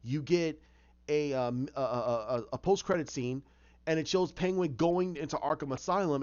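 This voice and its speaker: A man casually retelling a story idea of his own, halting, with many restarts and acted-out lines. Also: a little high, a little mellow, clean tone, dull audio.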